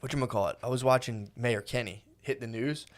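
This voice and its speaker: A man's voice: medium pitch, brisk. A man co-hosting a podcast in casual chat, rambling with lots of fillers, swearing and quoting people in mock voices. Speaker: podcast co-host.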